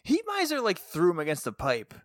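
A man's voice: sits high, fairly quick, dry recording, studio quality. A man co-hosting a podcast, giggling and dropping into mock voices as he recaps a show. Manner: giggly, lively, drops into mock quoted voices. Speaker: podcast co-host. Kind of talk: casual chat recapping a show.

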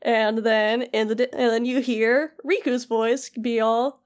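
A woman's voice: on the high side, fairly even intonation. A young woman co-hosting a podcast, recapping a video game in loose, rambling chat full of fillers, briefly voicing the characters. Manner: rambling, filler-heavy storytelling with quick voiced asides. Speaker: podcast co-host.

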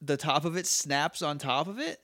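A man's voice: a little high, normal speed, sharp tone, no room sound, studio quality. A young man co-hosting a podcast, chatting casually about a show and laughing often. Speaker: podcast co-host. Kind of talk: casual comedic recap chat.

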